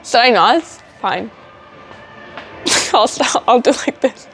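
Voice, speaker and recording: A woman's voice: on the high side, lively intonation, takes it slowly, fairly bright tone. A teenage girl hosting a student school show, giggling and flustered as she keeps slipping on her lines in outtakes. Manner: giggly, flustered by slip-ups.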